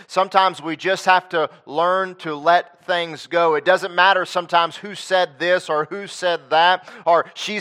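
Man, preacher, sermon, fairly high voice, talks to the congregation, repeats points. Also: a bit bright. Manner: conversational preaching with rhetorical questions and repetition.

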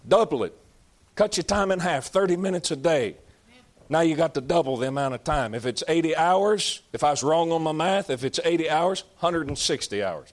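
Fiery preacher man with a lively pitch. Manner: rising to shouted exhortation, then dropping low and conversational. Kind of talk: sermon.

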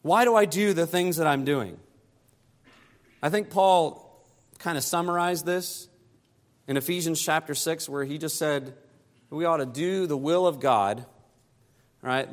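Man preaching with rising emphasis. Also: big-room sound. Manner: rises in pitch and force to press points, drops low and soft to close. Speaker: pastor. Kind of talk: sermon.

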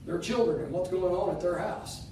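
Recorded from afar in an echoey sanctuary, this preacher's emphatic sermon has climbing phrases that drift into half-song. He speaks at a normal speed in a high register, with background noise.

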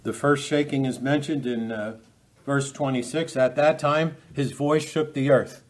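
A man's voice: mid-range voice, steady tone, unhurried. Man preaching a sermon, conversational. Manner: unscripted, many restarts, asks the audience rhetorical questions. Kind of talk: expository sermon.

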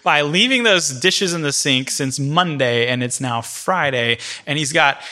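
A man's voice: on the high side, lively intonation, unhurried, sharp tone. A man teaching a church class in a conversational way, telling a vivid everyday story in the second person and speaking directly to the people in the room. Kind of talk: conversational teaching before a congregation.

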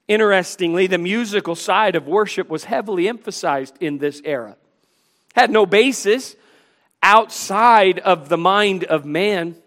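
A man's voice: sits high, unhurried, fairly bright tone. A man preaching a sermon, emphatic as he quotes and explains scripture, with a sarcastic edge. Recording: long hall reverb.

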